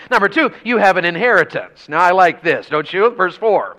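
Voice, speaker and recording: A man preaching a revival sermon in a church, telling folksy country stories and rising to shouts. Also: sits high, expressive, normal speed, hardly any pauses. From rural Tennessee.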